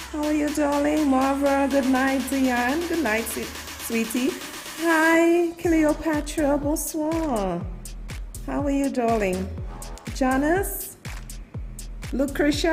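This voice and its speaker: Slow-talking high-voiced woman host. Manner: affectionate, calls viewers darling and baby; lively, drawn-out greetings. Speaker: host of a live online show. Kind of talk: live-stream chat greeting viewers.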